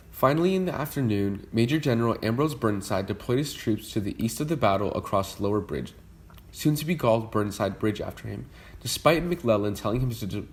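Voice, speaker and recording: A young man reads a history script in a steady voice that sits somewhat low. He makes small slips now and then. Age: young adult. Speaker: student presenter.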